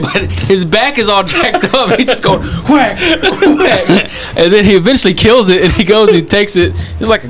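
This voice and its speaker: A young man from Texas, co-hosting a podcast, telling stories in a slow, relaxed way with many fillers. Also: high-pitched. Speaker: podcast co-host. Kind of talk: casual storytelling chat.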